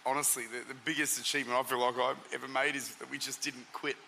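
A man with a very bright, forceful voice tells stories as an interview guest, stumbling over his words and starting again. His talk rings with a long hall reverb, and his pitch sits at the middle for a man. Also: fast talker, gravelly, slight background noise. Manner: lively storyteller, restarts and repeats words. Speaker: traveling preacher and senior pastor.

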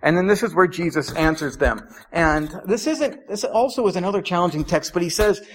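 Conversational preacher, a man with a higher voice. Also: brisk. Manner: conversational, with many "like"s and restarts. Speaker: pastor. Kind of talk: sermon.

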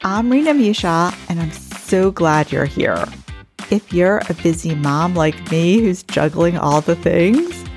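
A woman in her forties hosting a solo podcast, telling stories in a warm, chatty way. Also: fairly low pitch, expressive, slow pace, faint music behind. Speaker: podcast host. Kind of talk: casual solo podcast talk.

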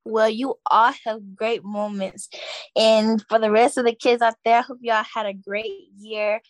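A teenage girl co-hosts a student podcast in a playful, joking way. Her voice sits a little high, and the sound is dry and close, with no room around it. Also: level tone, a little slow, no room sound. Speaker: podcast co-host. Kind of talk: casual chat.

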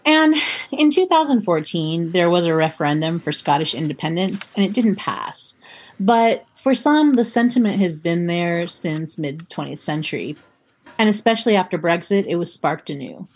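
A woman with a husky, slightly breathy voice, pitched a little low. She tells a history story on a casual podcast. She is chatty and quick to laugh. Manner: chatty, laughs often, reads quotes aloud. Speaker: podcast co-host.

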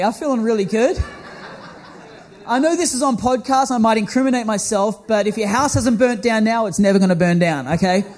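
Animated high-voiced man preaching a story. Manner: animated, self-mocking storytelling with quick bursts and laughter. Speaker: pastor. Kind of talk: storytelling sermon.

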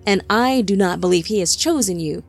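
A woman's voice: mid-range voice, lively intonation, moderate pace, vocal fry, slightly rough. A woman reading the part of a devout young man who argues earnestly with his brother, faint music behind.

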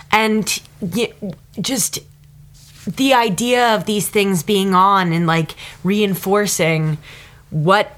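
A woman's voice: mid-range voice, fairly bright tone. A woman co-hosting a podcast, talking in casual chat in an earnest, emotional, meandering way. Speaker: podcast co-host.

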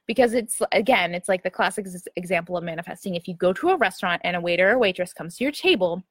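A woman's voice: fairly low pitch, animated, fast talker, breathy edge, no room sound. A young adult woman hosting a casual livestream, speaking in a chatty way with many fillers and frequent "right?" checks to her viewers. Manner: chatty, filler-heavy, often asks "right?". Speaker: livestream host answering viewers. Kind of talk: casual motivational chat.

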